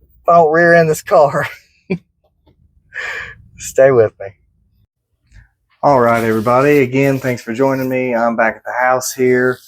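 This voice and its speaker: A man's voice: medium pitch, steady tone, measured pace, long pauses, dry recording, poor audio. Easygoing, joking man chatting from a car. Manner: easygoing, joking, self-deprecating. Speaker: host of a barbecue cooking channel. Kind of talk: casual vlog chat. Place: inside a car.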